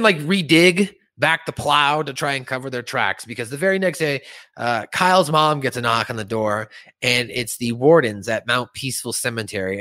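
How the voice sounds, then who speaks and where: A male podcast co-host with a bright, ringing voice. He recaps an episode in a casual, chatty way. He laughs often and slips into character voices. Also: mid-range voice.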